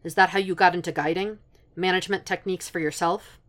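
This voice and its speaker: A woman's voice: on the low side, fairly even intonation, quick pace, fairly bright tone, lightly acted. A woman reading as a curt, guarded male investigator. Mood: curious.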